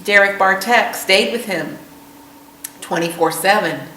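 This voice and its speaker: A middle-aged woman, a veteran's mother, telling her story in a documentary interview in a somber, halting way. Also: medium pitch, sharp tone, echoey room, distant mic, a little hiss or hum, low-quality recording.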